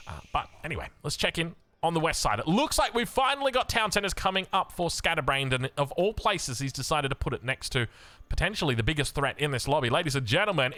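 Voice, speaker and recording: An Australian man giving excitable, chatty live commentary on a strategy game as caster, with joking asides. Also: on the high side, dry recording. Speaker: esports caster.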